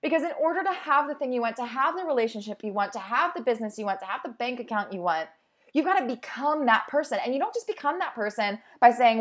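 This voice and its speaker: Speaking fairly quickly in a high-pitched voice with lively intonation, this young woman, a fitness instructor and host, gives a motivational monologue. The talk is upbeat and encouraging, casual in tone, with inner voices acted out.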